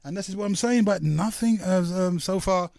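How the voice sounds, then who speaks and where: A man from hosting a call-in radio talk show, rambling and halting with many fillers. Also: high-pitched, vocal fry, darkish tone, no room sound, studio quality.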